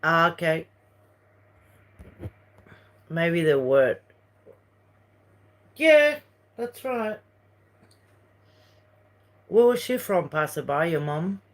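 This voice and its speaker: Slow-talking Uruguayan woman. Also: lowish voice, big pitch swings. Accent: Uruguayan Spanish. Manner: rambling, chatty, jumps between topics. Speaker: livestream host. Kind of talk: casual livestream chat reading viewer messages.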